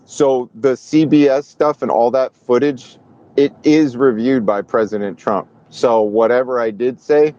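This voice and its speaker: A man in casual chat, telling a story with lively, acted-out voices for the people he quotes. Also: on the low side. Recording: dull lo-fi sound.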